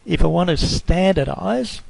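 A man giving a screencast tutorial on a statistics program, explaining slowly and carefully, sometimes correcting himself mid-sentence. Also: high-pitched, animated, gravelly, darkish tone, poor audio. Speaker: lecturer.

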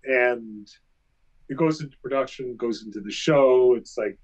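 A man telling animated, self-mocking anecdotes as a guest in a casual interview. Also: medium pitch, measured pace.

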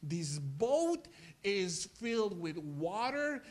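Man, pastor, church sermon, bright voice, high and lively pitch, animated storytelling. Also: unhurried. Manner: animated storytelling, acts out scenes; repeats words when excited.

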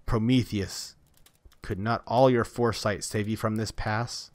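A fierce, pitiless god enforcer, read out by a man in a lowish voice, taunting and barking orders. The lines come from a storybook reading with a dry, close sound. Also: steady tone, measured pace, no room sound, natural voice. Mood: impatient. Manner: harsh, taunting commands.

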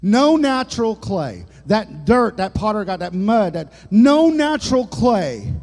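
Male pastor, high voice, unhurried folksy sermon, church echo. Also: big pitch swings, a little mellow. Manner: folksy preaching with jokes and sudden dramatic drops in volume. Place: church sanctuary. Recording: long church hall reverb.

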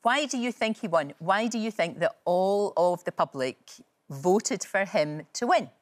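Lively, gushing woman TV host. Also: medium pitch, unhurried. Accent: Scottish. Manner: gushing, laughing often. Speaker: morning TV host. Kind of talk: live TV chat.

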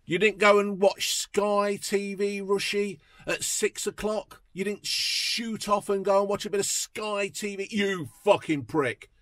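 A man's voice: sits high, fairly even intonation, measured pace, hardly any pauses, fairly bright tone, no echo. A man giving a furious, sweary political rant, mocking and fuming as he talks. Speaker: political vlogger. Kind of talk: profane ranting commentary.

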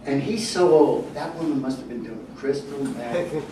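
A man's voice: fairly high pitch, expressive, crowd noise. A man doing a stand-up comedy set on a club stage, telling stories with wry timing. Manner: wry storytelling with punchline pauses. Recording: echoey room from a distance, noisy.

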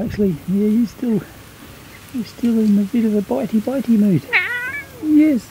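A woman talking to her cat in soft, doting baby talk, outdoors in a garden. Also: mid-range voice, noisy background. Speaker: cat owner filming her cat. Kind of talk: cooing talk to a pet.

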